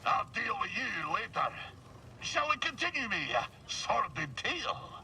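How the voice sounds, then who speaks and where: An actor playing a grizzled alien space pirate in a video game, spinning a theatrical yarn in a gruff seafaring drawl. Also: male voice, high voice, very animated, measured pace, bright, forceful tone, full character voice. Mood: storytelling. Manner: theatrical storyteller, relishes gory boasts. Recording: distant game audio with faint hiss.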